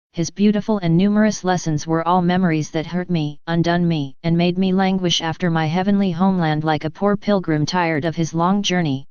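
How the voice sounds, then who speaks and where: A woman reads a devotional text in a calm, measured way. Her voice is low and very smooth. The recording is dry and a little dull, with a lo-fi sound. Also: no echo. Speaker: reader. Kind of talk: devotional reading.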